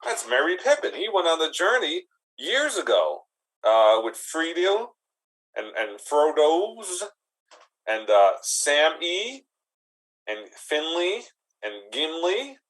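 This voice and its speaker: A man doing a nervous, introverted male goblin in an improv comedy scene. He rushes his words and pleads for advice in a slightly raised voice. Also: medium pitch, fairly bright tone, close to an everyday voice, rough recording. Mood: excited.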